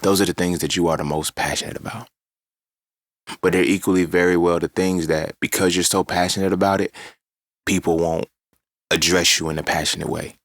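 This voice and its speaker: A man with a deep voice and a forceful, bright edge speaks. He talks casually and animatedly, swearing freely as he tells his story. The sound is dry and close. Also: no echo. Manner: animated, profane, conversational storytelling. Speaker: podcast host. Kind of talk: casual monologue.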